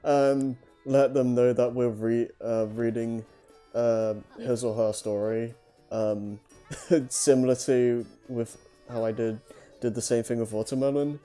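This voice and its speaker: Mellow-voiced man, rambling casual chat. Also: mid-range voice, fairly even intonation, faint music behind. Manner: rambling, halting, with little laughs. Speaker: podcast co-host.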